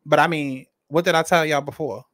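A man's voice: fairly high pitch, fairly even intonation, a little fast, a bit bright, dry recording, studio quality. A man hosting a commentary channel, talking bluntly and straight to his viewers. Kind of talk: casual commentary.

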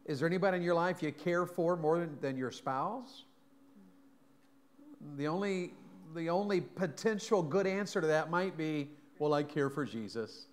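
A man's voice: fairly high pitch, animated, moderate pace. A man preaching a sermon in a church, folksy and joking, often asking the congregation questions. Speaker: pastor. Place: church sanctuary.

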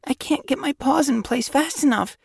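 A man's voice: very high voice, normal speed, creaky, no room sound, studio quality, voice pushed up. Man doing a stubborn young she-cat. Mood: indignant. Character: young female apprentice cat, proud and stubborn.

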